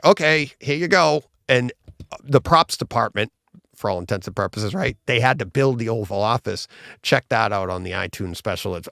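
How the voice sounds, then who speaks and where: A man's voice: medium pitch, vocal fry, fairly bright tone, dry recording, clean studio sound. A man co-hosting a live podcast, in casual chat, retelling things with rambling enthusiasm and many restarts. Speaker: podcast co-host.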